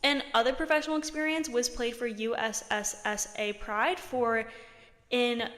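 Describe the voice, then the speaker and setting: A woman hosting a sports podcast, reading long runs of player statistics and correcting her slips with quick apologies. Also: on the high side, fairly even intonation, a bit bright, big-room sound. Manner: reads long lists of stats, corrects herself with quick apologies. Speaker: podcast host.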